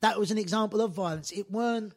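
A man telling lively stories in casual chat, acting out quotes, swearing and laughing. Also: high voice, fast talker. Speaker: podcast guest storyteller.

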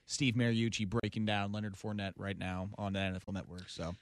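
Male radio co-host, slightly low voice, relaxed, dry booth sound. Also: brisk, dry recording. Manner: relaxed, conversational, reads out stats. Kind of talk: casual sports talk radio.

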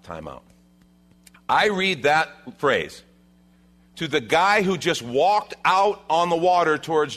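A man preaching a sermon, acting out the disciples' lines with lively shifts and dropping to a hushed tone at reflective moments. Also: mid-range voice. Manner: animated, acts out the disciples' lines. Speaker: pastor.

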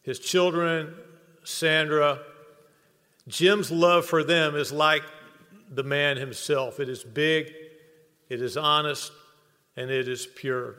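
Bright-voiced man giving a tribute speech. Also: on the high side, fairly even intonation, slow pace, pauses often. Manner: humorous storytelling, builds to earnest close. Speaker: speaker at hall of fame induction. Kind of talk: ceremony tribute speech with anecdotes. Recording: long reverb of a banquet hall.

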